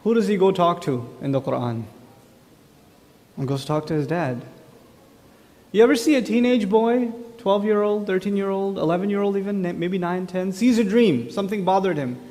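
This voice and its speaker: A man giving an animated religious talk, telling stories and putting questions straight to his audience. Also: high voice, normal speed, in a large hall. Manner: animated storyteller, addresses the audience directly with questions. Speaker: speaker at an Islamic lecture. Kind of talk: lively conversational religious talk.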